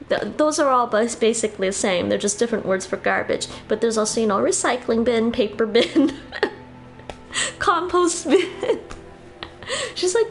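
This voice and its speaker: Canadian woman game streamer, chatty and laughing, a little tired, slightly high with a gravelly edge. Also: lively intonation, unhurried, faint music behind. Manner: chatty, laughs often, thinks aloud. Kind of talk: casual chat while streaming gameplay.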